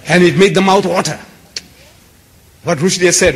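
In an echoey hall, a man with a high, fairly bright voice delivers an impassioned lecture to a live audience. He speaks emphatically at a moderate pace with long pauses, repeating himself and building long, stacked lists.

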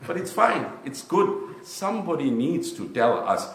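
A middle-aged man preaching a sermon, animated and storytelling, shifting from hushed to loud. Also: on the high side, a little slow, few pauses. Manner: animated, swings from hushed to loud, addresses listeners as bro. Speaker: imam and lecturer. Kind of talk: lively sermon with storytelling and humor. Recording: echoey room.

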